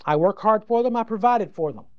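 A man's voice: sits high, lively intonation, brisk. A man voicing a plain, self-assured neighbor who earnestly and defensively pleads his case, in a dry lo-fi recording. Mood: pleading.

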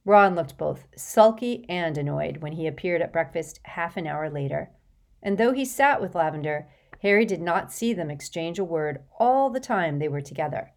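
Woman narrator, low pitched voice, even storybook reading, clear. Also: moderate pace. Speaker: audiobook narrator.

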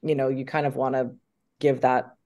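Woman guest, 30s, gravelly voice, animated and chatty, video call. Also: rumbling low, moderate pace. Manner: animated, chatty, with many fillers. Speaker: actress, guest. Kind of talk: casual interview chat.

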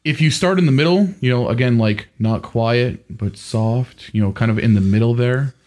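A man talking casually on a podcast about tabletop role-playing. His voice sits at an ordinary pitch. He explains things haltingly, padding his lines with fillers while he thinks. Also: darkish tone. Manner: hesitant, many fillers, explanatory. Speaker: podcast co-host. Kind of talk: casual tabletop gaming chat.

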